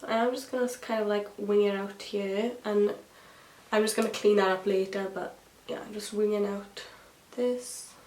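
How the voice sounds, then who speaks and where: A woman's voice: mid-range voice, steady tone, moderate pace, a little mellow. Chatty woman doing her makeup. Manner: rambling, gossipy, many fillers and asides. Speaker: beauty vlogger. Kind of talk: chatty get-ready-with-me makeup tutorial. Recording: echoey room with faint hiss.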